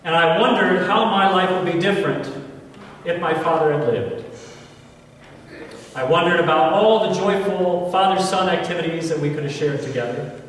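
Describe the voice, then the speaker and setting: A man in his forties with an American accent, a priest telling a personal story in a homily, earnest and slow with emphatic pauses. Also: sits high, slight background noise. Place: large church. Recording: echoey church hall from far off.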